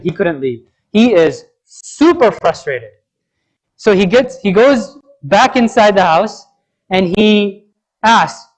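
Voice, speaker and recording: A man's voice: sits high, rough recording. A man preaching a Friday sermon in a mosque, telling a story in a conversational way and often checking in with "right?" and "you know".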